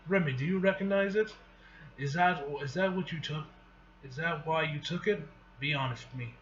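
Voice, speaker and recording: A man's voice: on the high side, normal speed, a bit bright, close to an everyday voice. A man voicing a tough, suspicious heroine, pressing and confrontational, from a dull lo-fi recording. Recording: dull lo-fi recording with faint hiss.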